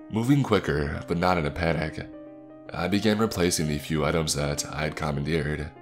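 A man reading a horror story aloud as a scripted narration, in a measured, suspenseful way. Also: extremely low pitch.

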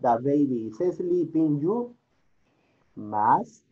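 A man's voice: on the high side, sing-song, slow, highs cut off. Male teacher on a video call. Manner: switches between English and Spanish, coaxing and repetitive. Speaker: English teacher. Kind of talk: online class, calling on students.

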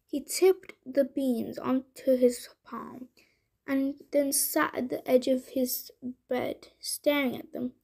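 A woman reading a bedtime story aloud in a gentle, unhurried way. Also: high voice, little pitch movement, gravelly.

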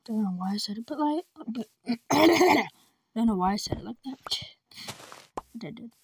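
A woman giving whispered gameplay commentary, rambling softly to herself as she plays. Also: on the high side, expressive, normal speed, vocal fry, slightly rough, no room sound. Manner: soft, half-whispered, rambling self-talk.

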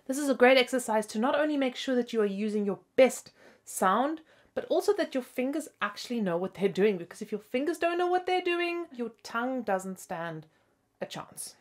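A woman's voice: a little high, lively intonation, normal speed. A young woman with hiccups hosting a bubbly flute lesson video and laughing at herself, with flute playing between her phrases. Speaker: flute teacher and host.

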